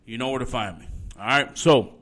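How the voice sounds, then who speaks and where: A male podcast host delivers a heated, profanity-laced rant. His voice is forceful and tense. His pitch sits at a middle level for a man. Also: brisk. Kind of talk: solo opinion podcast rant.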